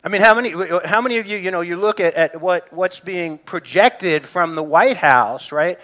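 A man's voice: sits high, normal speed, hardly any pauses, bright, forceful tone. A middle-aged man preaching a sermon in a church, conversational, with restarts and asides to the congregation. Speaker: pastor.

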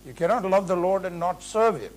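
A man preaching an earnest, emphatic expository sermon in a measured way. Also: high-pitched, animated, a little mellow, poor audio.

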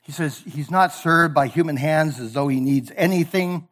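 High-voiced man preaching with force. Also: moderate pace. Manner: emphatic, swings from booming to hushed; sarcastic mock praise. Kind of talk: sermon.

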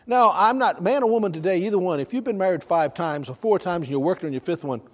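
Southern guy preaching, high voice, numbers off his points, big echoey hall. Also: animated, fast. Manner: emphatic, counts points off, asks the congregation questions. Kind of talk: sermon. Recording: long reverb of a large hall.

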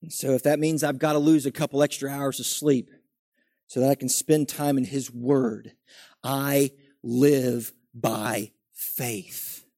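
A man preaching a sermon, reading scripture aloud slowly and then building to animated emphasis. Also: mid-range voice, no room sound, clean studio sound.

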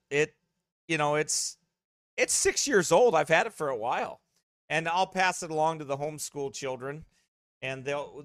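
A man's voice: on the high side, fairly bright tone, dry recording. A man who pastors, chatting casually with his streaming congregation in a rambling way, full of restarts, speaking close to a desk mic beside his streaming computer.

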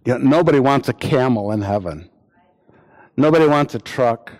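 A man preaching a sermon, repeating phrases for emphasis and acting out imagined quotes in lively voices. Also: mid-range voice, normal speed.

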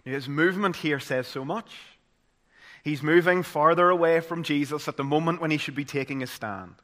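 A preacher with a Northern Irish accent delivers a sermon in a bright, forward voice that sits a little high, at a moderate pace. His style is dramatic, building to loud peaks before dropping into a solemn hush.

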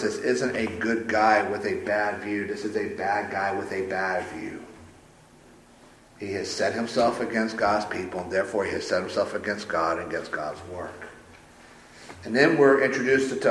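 A man's voice: on the low side, a bit bright. A man preaching a sermon as a pastor, emphatic and conversational. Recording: roomy echo.

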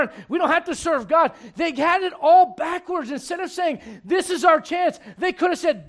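High-voiced preaching man. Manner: dynamic preaching, swinging from loud to hushed; acts out voices in little scenes. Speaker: pastor. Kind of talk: sermon.

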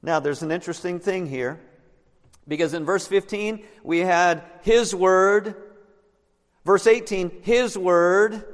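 A man preaches in a high voice, explaining scripture verse by verse. He often turns to the congregation with questions. His voice carries a long reverb from a church sanctuary. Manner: explanatory, asks the listeners questions. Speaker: pastor. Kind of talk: sermon.

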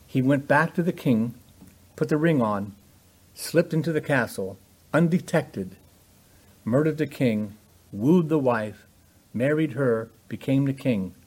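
A man preaching a sermon with emphatic delivery that rises in pitch and volume on key points. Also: expressive, unhurried, pauses often, darkish tone, breathy edge.

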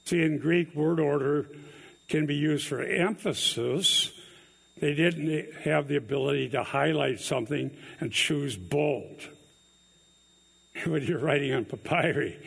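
A man preaching a sermon in a slow, deliberate way, leaning hard on the words he stresses. His voice is gravelly and a little husky. It sits fairly high for a man. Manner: earnest, emphatic preaching with drawn-out stressed words. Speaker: pastor. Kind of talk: expository sermon.

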